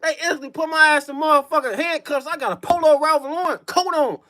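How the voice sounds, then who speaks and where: A man's voice: very high voice, fast talker, sharp tone. Young man telling a profane story. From Chicago. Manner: profane, slangy, with mouth sound effects. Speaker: streamer. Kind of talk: storytelling on a livestream.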